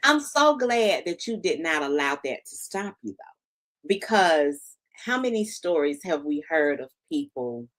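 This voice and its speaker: A woman's voice: low-pitched, big pitch swings, unhurried. A woman hosting an interview, effusive and affirming, cheering her guest on. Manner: effusive, affirming, says honey. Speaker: podcast host. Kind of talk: casual interview chat.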